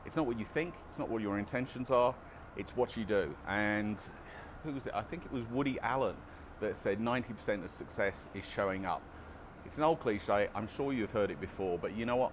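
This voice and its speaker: Chatty low-voiced man outdoors. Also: a little hiss or hum. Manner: chatty, self-deprecating, restarts often. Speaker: vlogger on addiction recovery. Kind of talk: casual vlog monologue.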